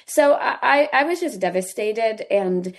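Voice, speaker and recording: A woman who founded a nonprofit, speaking as a radio interview guest in an earnest, halting way. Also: on the high side, animated.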